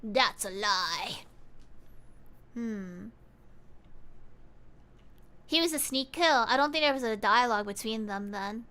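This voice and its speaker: A woman's voice: fairly high pitch, measured pace, pauses often, a bit bright, clean tone. A woman streaming a game, chatting casually and thinking aloud to her chat.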